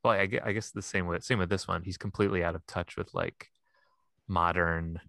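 A man with a very deep, low voice talks loosely on a podcast, trailing off into fillers and breaking into laughs. The sound is close and dry, with no room around it. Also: fairly even intonation, brisk, creaky, pushed and bright, no echo. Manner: laughing often, rambling with fillers. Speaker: podcast co-host. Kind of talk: casual chat.

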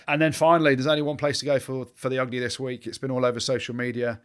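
A male co-host in loose, animated banter with his co-hosts. His voice sits at a middling pitch, and he teases his partners as he goes through the segment. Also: quick pace, few pauses. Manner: animated, teasing. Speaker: podcast co-host. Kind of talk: casual banter.

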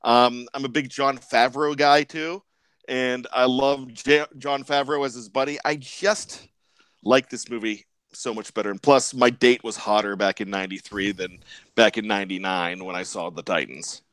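Man, smooth clear voice, dry close sound, laid-back, joking. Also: medium pitch, steady tone, normal speed, fairly bright tone, dry recording. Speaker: podcast co-host. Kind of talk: casual sports movie chat.

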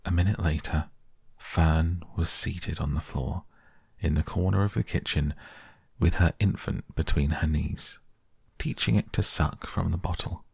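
A man reading a children's novel aloud as a calm bedtime audiobook, with a gravelly, husky voice. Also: deep voice, unhurried, dry recording, clean studio sound. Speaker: audiobook narrator.

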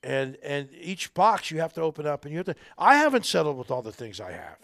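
A middle-aged army veteran speaking as a podcast guest, earnest, rambling and folksy, with a gravelly voice. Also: male voice, on the high side, big pitch swings, a little fast, fairly bright tone, no room sound, clean studio sound. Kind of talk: casual interview talk.

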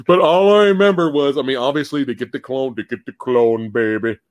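A man hosting a casual live-stream podcast about movies, animated, laughing often and swearing casually. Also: mid-range voice, a little fast, no room sound. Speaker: podcast host.

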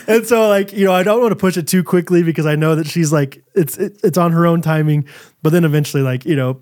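Thirties male podcast co-host, lively storyteller, laughs a lot, slightly high voice. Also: fast. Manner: animated storyteller, laughs often. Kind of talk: casual chat.

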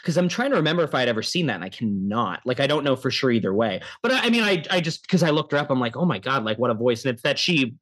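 A man's voice: medium pitch, sing-song, quick pace, few pauses, fairly bright tone. A young man from the United States co-hosting a film podcast, chatting casually and rambling with many restarts. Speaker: podcast co-host.

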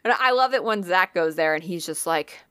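A woman's voice: fairly low pitch, animated, fairly quick, pushed and bright, smooth, dry recording, clean studio sound. A woman co-hosting a podcast, telling a ghost story in casual chat, swearing freely and using lots of fillers.

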